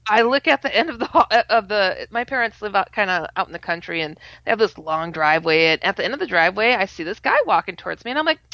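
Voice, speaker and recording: A woman telling a personal story in casual talk, animated, often laughing and acting out her own quoted words. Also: medium pitch, quick pace, few pauses, dry recording. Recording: slightly muffled audio.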